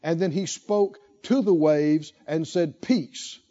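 A man's voice: on the high side, takes it slowly, dark tone, dull audio. A man preaching a sermon, asking rhetorical questions and repeating lines for emphasis. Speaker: pastor.

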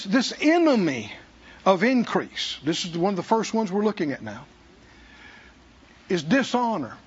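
Male pastor, emphatic sermon, very high voice, animated delivery, dull recording. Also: breathy edge. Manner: emphatic, repetitive, preacherly.

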